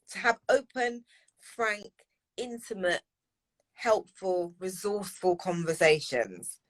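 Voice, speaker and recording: A woman speaking as a guest in a live discussion, earnest and repeating phrases for emphasis. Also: lowish voice. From United Kingdom. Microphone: video call.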